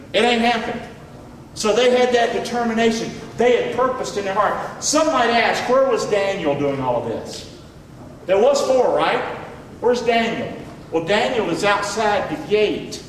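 A middle-aged man preaches in a high voice, folksy and emphatic, pausing to call for amens. He sounds distant from the mic, his words ringing through a large church with a long reverb tail. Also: slight background noise. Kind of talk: sermon. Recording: echoey hall from far off.

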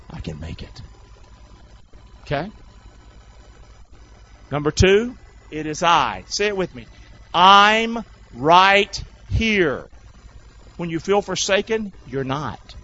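A man preaching a sermon in a folksy, call-and-response way, swinging between shouted lines and low asides. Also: lo-fi sound, slight background noise. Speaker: pastor.

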